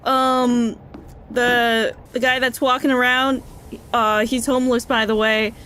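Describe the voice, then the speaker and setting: A woman's voice: fairly high pitch, level tone, measured pace, a bit bright, a little hiss or hum, voice pushed up. A woman doing a pushy, rambling old man. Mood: chatty. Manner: rambling, insistent, giving unasked advice.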